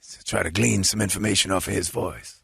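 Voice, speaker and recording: A man doing an over-the-top mock impression of an aging, self-pitying male film star, in a raspy, gravelly voice. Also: deep voice, steady tone, a little fast, fairly bright tone, no echo, studio quality, exaggerated voice.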